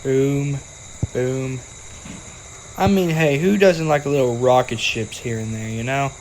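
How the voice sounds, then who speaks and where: A man's voice: medium pitch, slow, darkish tone, a little hiss or hum, poor audio. Playful young man narrating gameplay. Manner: playful, jokey, talks to game characters. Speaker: gaming video creator. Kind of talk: casual game commentary.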